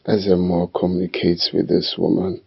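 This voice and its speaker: An actor playing a crippled husband who pleads in anguish, his voice gravelly and raspy. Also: deep voice, level tone, normal speed, exaggerated voice. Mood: troubled. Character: crippled, tormented husband, adult man. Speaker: actor in a drama series. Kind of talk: dramatic film acting. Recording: dull sound with faint music.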